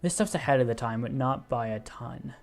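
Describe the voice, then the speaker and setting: A young man with a gravelly, fry-edged voice talks through a strategy game, explaining each move as he goes and stopping to correct himself. His pitch sits in the ordinary middle, and soft music plays quietly behind him. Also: fairly quick. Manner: thinking aloud, explaining as he clicks, self-correcting. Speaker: gaming video host. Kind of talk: casual strategy game commentary.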